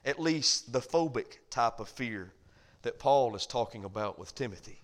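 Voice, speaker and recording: A man pastor preaching a sermon, animated and calling for amens. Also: medium pitch, moderate pace. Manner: animated preaching, calls for amen.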